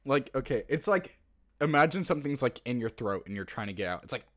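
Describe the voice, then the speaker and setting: This online tutorial maker has a mid-range, very animated voice and a quick pace. He rambles through a silly tutorial in casual speech, searching for words, using lots of fillers, and bursting into laughs and loud hoots.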